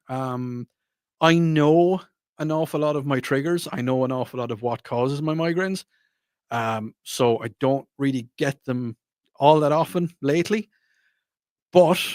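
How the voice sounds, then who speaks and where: A man hosts a radio talk show into a studio mic, chatting casually and rambling, repeating himself and apologizing. His voice is medium-pitched and the recording is dry.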